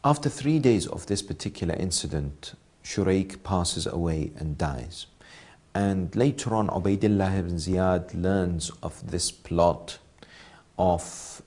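A man narrating a historical story in a measured way. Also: low voice, darkish tone.

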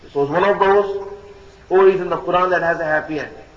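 A man's voice: high voice, brisk. A man preaching a sermon, repeating key phrases emphatically and addressing his listeners as brothers and sisters. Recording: echoey hall, dull lo-fi sound.

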